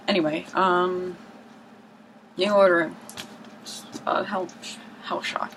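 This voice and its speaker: A woman's voice: fairly even intonation, slow, long pauses. Rambling woman, hissy home video. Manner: chatty and rambling, with hushed asides and mock-dramatic outbursts. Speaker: vlogger showing her record collection. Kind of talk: casual rambling chat to camera. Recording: low-quality home video with clear background hiss.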